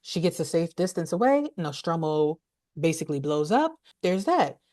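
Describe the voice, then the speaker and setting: Lower-voiced woman recapping a movie. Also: moderate pace. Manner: animated, laughing, blunt and profane. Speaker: podcast co-host, movie reviewer.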